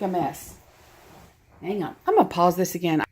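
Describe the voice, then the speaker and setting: A woman's voice: lowish voice, normal speed, darkish tone, husky. A woman with a Southern US accent chatting casually as she opens a craft gift package, gushing and laughing at herself. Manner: gushing, self-deprecating, chatty. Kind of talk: casual unboxing chat.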